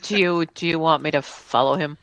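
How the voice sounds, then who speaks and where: A woman's voice: low-pitched, brisk, slight background noise, poor audio. A woman playing her character in a tabletop game, curious and full of questions. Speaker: player.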